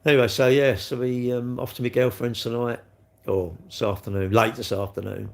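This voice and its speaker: Gravelly man, rambling live chat. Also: medium pitch, flat delivery, normal speed. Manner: chatty, rambling, cheeky, answers chat comments. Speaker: livestream host.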